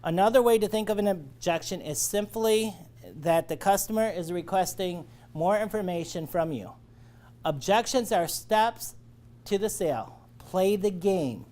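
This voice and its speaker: A man's voice: high-pitched, normal speed, a little mellow. Coaching male sales trainer. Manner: coaching, checks in with "all right?". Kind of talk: training lecture.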